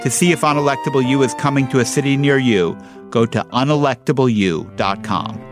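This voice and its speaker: A male podcast host reading a brisk, promotional outro. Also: medium pitch. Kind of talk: scripted outro. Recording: clear music bed underneath.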